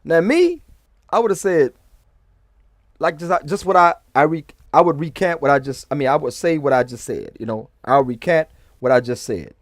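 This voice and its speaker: A man's voice: fairly high pitch, moderate pace, no echo. Rambling man in a dry close recording. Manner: rambling with restarts, often asking "okay?". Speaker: vlogger. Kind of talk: casual commentary.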